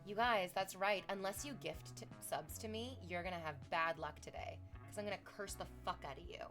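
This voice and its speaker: A woman's voice: mid-range voice, moderate pace, few pauses, fairly bright tone, faint music behind. A young woman streaming from Canada, chatting with viewers in a rambling, sarcastic and profane way. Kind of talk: casual stream chat.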